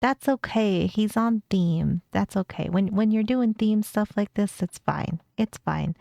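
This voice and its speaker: A woman's voice: medium pitch, unhurried, gravelly, warm tone, dry recording, studio quality. A woman chatting casually as a VTuber reacting to a video, giggly and prone to repeating her words.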